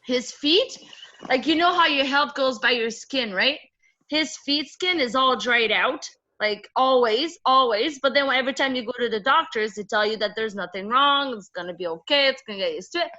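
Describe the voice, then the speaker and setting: Woman, mother on a video call, high bright voice, exasperated, dull lo-fi sound. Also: moderate pace. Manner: frank, exasperated, repetitive. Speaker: client guest and mother. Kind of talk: casual testimony on a video call. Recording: muffled lo-fi call audio.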